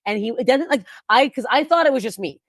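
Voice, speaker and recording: A woman's voice: high-pitched, lively intonation, fast talker, dry recording, studio quality. A woman comedian talking bluntly and profanely in a casual podcast chat, rambling with frequent restarts. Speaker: guest comedian.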